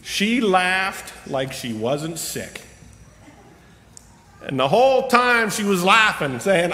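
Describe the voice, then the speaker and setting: A middle-aged lay preacher delivers an animated storytelling sermon in a church sanctuary, his high, bright, forceful voice carrying a long church-hall reverb. He's humorous and self-deprecating, drawing out key words with slow, emphatic pauses.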